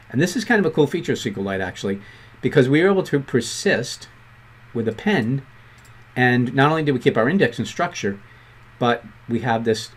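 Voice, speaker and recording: Quick-talking man with a Boston accent. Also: medium pitch, husky. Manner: quick-talking, conversational, self-deprecating asides. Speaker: programming instructor. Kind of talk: screen-recorded coding tutorial.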